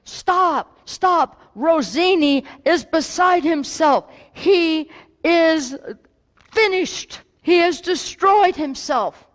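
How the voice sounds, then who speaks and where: A woman voicing a frantic male opera house manager yelling to stop a show, in a sermon story. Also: very high-pitched, expressive, very slow, pitched above the performer's own voice, exaggerated voice. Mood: alarmed. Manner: alarmed, shouting. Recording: long reverb in a hall.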